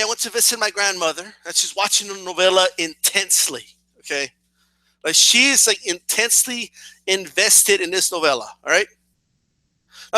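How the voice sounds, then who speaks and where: A young man who vlogs about boxing rants comically to camera in a high voice with no echo, coughing slightly. He's animated, swears constantly, stammers over repeated words, and performs shouts.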